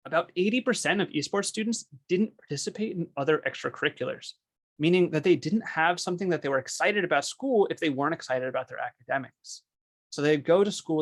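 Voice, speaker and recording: A man giving a webinar presentation over a video call, telling stories with enthusiasm. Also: a little high. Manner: enthusiastic, storytelling. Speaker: esports program presenter.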